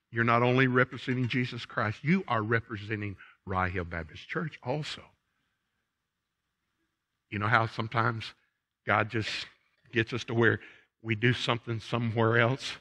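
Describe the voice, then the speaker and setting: A man preaching a sermon in a church, folksy and conversational, swinging from quiet reflection to loud punchy asides. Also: medium pitch. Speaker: pastor. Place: church sanctuary.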